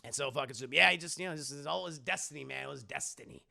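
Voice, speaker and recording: A man's voice: a little high, fast talker, creaky, pushed and bright. A man giving a casual, profane, joking spoiler review of a film on a live stream. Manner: profane, joking, recaps scenes loosely.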